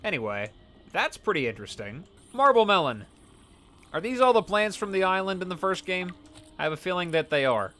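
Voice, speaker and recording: A man's voice: high-pitched, sing-song, fairly quick, a bit bright. A man playing a survival video game and commenting casually, reading on-screen scan texts aloud. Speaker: let's play host. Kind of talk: gameplay commentary.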